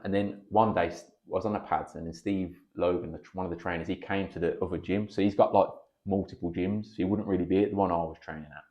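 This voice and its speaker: A man talks quickly in a deep, low register, rattling through stories. He is a kickboxer and coach in his thirties, chatting casually as a podcast guest, swearing freely and acting out what others said. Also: highs cut off. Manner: animated storyteller, swears freely, acts out quotes.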